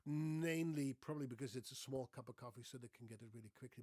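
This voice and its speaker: A man's voice: mid-range voice, dry recording. Playful man teaching pronunciation, dry sound. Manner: lively, playful, stresses each syllable slowly when modelling words. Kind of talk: short video lesson to camera.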